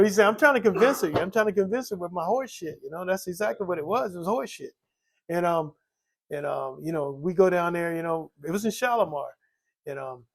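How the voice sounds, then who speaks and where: Older man, gravelly voice, somewhat high pitch, rambling personal testimony, lots of fillers. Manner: rambling, many "you know" fillers, acts out quoted voices. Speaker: recovering alcoholic telling his story.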